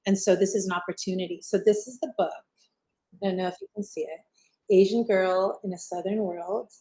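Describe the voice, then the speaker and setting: Over a video call, a woman hosts a relaxed interview, sounding chatty and upbeat as she thinks her plans out loud and repeats herself. Her mid-range voice is quick and dark-toned, and the recording quality is poor.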